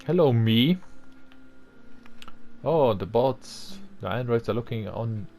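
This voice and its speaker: A man's voice: medium pitch, expressive, slow, dark tone, faint music behind. A young man giving casual commentary over a video game, rambling and thinking aloud, often trailing off and restarting. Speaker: let's-play commentator.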